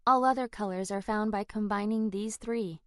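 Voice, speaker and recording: A woman voicing a gentle mother who patiently explains colors to her daughter in an audiobook. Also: mid-range voice, steady tone, moderate pace, dry recording, studio quality, natural voice. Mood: explaining.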